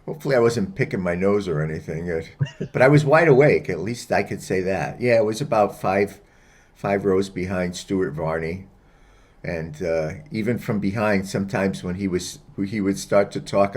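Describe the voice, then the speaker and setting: Man, co-host, very deep voice, wry joking asides, casual political chat. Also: normal speed. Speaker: podcast co-host.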